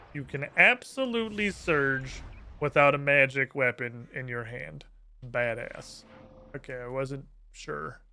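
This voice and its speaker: A man's voice: a little high, bright, forceful tone, smooth. A man streaming a video game, cursing and talking sarcastically to himself as he plays. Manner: profane, sarcastic, talks to himself. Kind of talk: live gameplay commentary.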